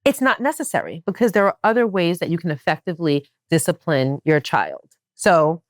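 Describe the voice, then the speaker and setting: A woman hosting a podcast, talking in a casual chat style and making her points with animated emphasis. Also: brisk, dry recording, clean studio sound. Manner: animated and emphatic, with wide swings in pitch. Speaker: podcast host.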